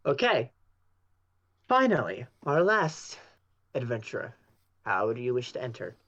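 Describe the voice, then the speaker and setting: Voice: medium pitch, huge pitch swings, measured pace, a bit bright, no room sound. A game master narrating a tabletop game in a playful way. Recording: dull, dry home mic.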